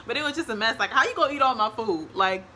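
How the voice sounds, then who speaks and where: Young woman w/ doing a storytime vlog, bright voice, animated, laughs a lot. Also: on the high side, quick pace, slight background noise. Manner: animated, acts out quotes, laughs often. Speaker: vlogger. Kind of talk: casual storytime.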